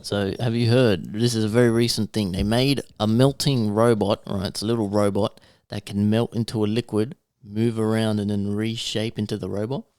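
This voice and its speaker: A man's voice: fairly low pitch, fairly even intonation, normal speed, hardly any pauses, darkish tone, clear, resonant tone, no echo, studio quality. A man on a podcast, explaining things in a laid-back, sweary, casual way. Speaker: podcast co-host.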